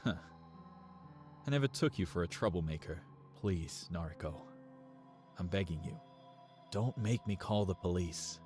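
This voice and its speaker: A man playing a tall, calm security guard with an Australian or New Zealand accent, gently pleading with a young woman. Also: low voice, unhurried, pauses often. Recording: faint music behind.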